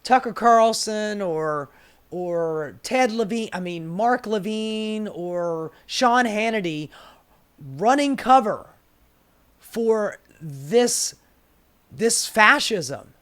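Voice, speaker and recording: Political commentator, sarcastic, profane, exasperated, slow drawling delivery. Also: mid-range voice, animated, fairly bright tone, smooth. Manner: exasperated, rhetorical questions.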